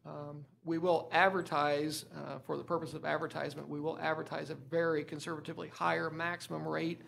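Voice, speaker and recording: A man's voice: fairly high pitch, level tone, brisk, vocal fry, a bit bright, slight background noise. A man, a school superintendent who says he is losing his voice, presenting items at a school board meeting with many filler words and restarts. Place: meeting room.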